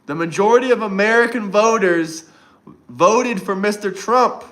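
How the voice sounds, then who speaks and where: High, bright-voiced taunting male streamer. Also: moderate pace. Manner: mocking, taunting chat banter. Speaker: livestream host. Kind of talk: casual livestream chat reacting to viewers.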